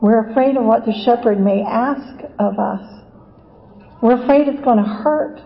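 A woman preaching a sermon in a slow, reflective, earnest way. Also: a little high, vocal fry, highs cut off.

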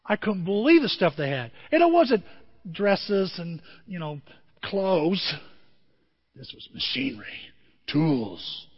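A middle-aged pastor with a high voice delivers an animated sermon, drifting into stories and asides to his listeners. The recording is dull and muffled, and his voice rings out in a long reverb. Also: slow, slightly rough. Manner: animated storytelling with asides to the congregation.

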